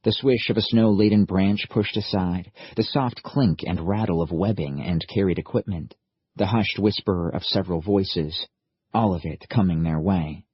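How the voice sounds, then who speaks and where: A man narrating an audiobook in a steady, measured storytelling manner. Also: low voice, slightly rough, no room sound, dull audio. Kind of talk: scripted narration.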